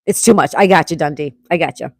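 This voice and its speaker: A middle-aged woman hosting a casual livestream, reading viewers' comments aloud and chatting back warmly. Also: low-pitched, quick pace, dry recording, clean studio sound. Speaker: livestream host reading chat. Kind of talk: casual live chat.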